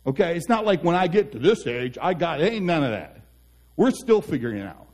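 A man speaking as a life coach in an earnest, animated motivational talk, acting out the people he quotes. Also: fairly high pitch, brisk.

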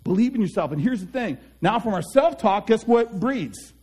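A man with a high, light voice gives an earnest motivational talk as a life coach. He speaks with animated energy and slips into the voices of the people he quotes. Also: normal speed, husky.

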